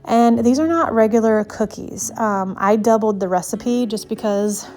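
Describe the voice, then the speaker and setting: A woman's voice: on the high side, normal speed, darkish tone. A young woman chatting through a casual home cooking voice-over, a little out of breath, rambling with lots of fillers. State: slightly out of breath. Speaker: vlogger, mother of six.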